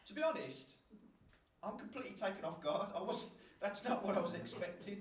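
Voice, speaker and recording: At a church gathering, a man shares a lively personal testimony, speaking fast and chattily with an animated, high voice and frequent laughter. He's recorded from a distance in an echoey hall with faint background noise.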